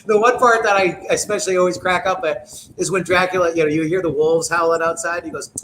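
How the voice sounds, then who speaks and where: Casual male podcast co-host with a higher voice, rambling and profane, in an echoey, noisy home setup. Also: fairly even intonation, fast talker, fairly bright tone. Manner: loose, rambling, swears freely. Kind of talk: casual horror podcast chat. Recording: echoey room with background noise.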